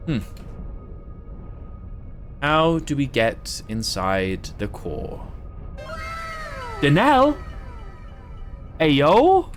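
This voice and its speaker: A man's voice: a little high, huge pitch swings, extremely slow, long pauses, faint music behind. A man from Southwest England with an English accent that has American influences. He gives casual, chatty live gameplay commentary and swears freely. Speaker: streamer.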